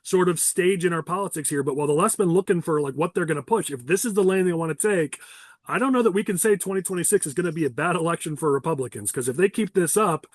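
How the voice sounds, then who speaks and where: A man with a fairly high voice hosts a casual politics podcast. He speaks bluntly and with firm opinions, sometimes restarting his sentences. The sound is dry and close, with no room around it. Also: quick pace, no echo. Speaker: podcast host.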